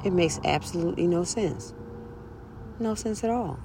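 A woman's voice: lowish voice, moderate pace, creaky, noisy background. A woman vlogger ranting bluntly and profanely outdoors in a breeze, hammering her points with repetition. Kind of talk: casual ranting monologue.

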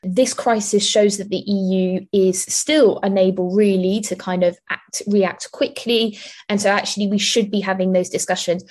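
A woman's voice: mid-range voice, fairly even intonation, a little mellow. Woman analyst explaining policy. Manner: explanatory, measured, frequent restarts. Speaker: think-tank analyst, guest. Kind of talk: interview answers.

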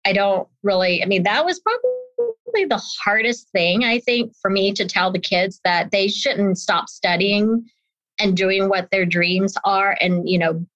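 A woman in her fifties, appearing as an interview guest, tells a personal story with lots of animation, acting out the voices of the people involved. Her voice is medium in pitch and unhurried. The recording is dry and dull with a lo-fi quality and no room sound.

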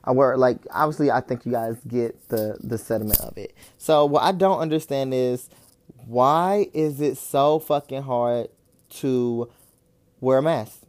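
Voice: mid-range voice, a little slow. Exasperated young podcast host ranting. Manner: exasperated, swears often, heavy filler "like"; rising to loud incredulous outbursts. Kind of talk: casual solo rant.

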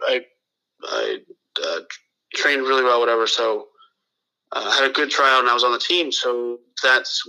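A man's voice: mid-range voice, sharp tone, poor audio. A man from the Los Angeles area telling a long story in casual chat, profane and full of restarts and quoted dialogue.

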